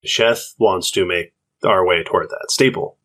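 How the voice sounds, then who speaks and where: A man playing a tabletop role-playing game, speaking calmly and plainly. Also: sits low, unhurried. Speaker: player.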